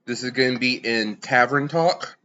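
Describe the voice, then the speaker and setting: A man's voice: medium pitch, normal speed, sharp tone, dull audio. A man narrating as game master of a tabletop game, talking loosely and casually.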